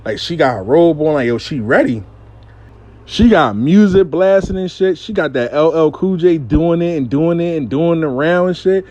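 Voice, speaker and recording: A man telling a casual storytime monologue, animated and profane, acting out what people said. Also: on the high side, moderate pace, no room sound.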